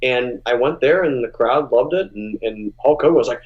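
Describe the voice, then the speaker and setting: A male musician, appearing as a guest in a casual interview, tells animated stories full of restarts. His voice jumps high whenever he acts out what people said. He talks at normal speed, and the recording is muffled.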